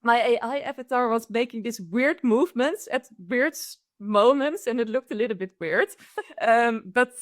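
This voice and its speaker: Enthusiastic Dutch-accented woman, higher voice. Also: normal speed, dry recording, studio quality. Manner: enthusiastic, restarts often. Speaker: guest, AI consultant. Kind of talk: conversational interview.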